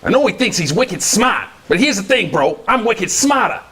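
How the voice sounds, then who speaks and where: A man's voice: high-pitched, very animated, normal speed, heavy background noise, pitched above the performer's own voice. A man putting on a Boston accent to play a boastful young male bro. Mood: cocky. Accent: put-on Boston. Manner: boastful, cocky.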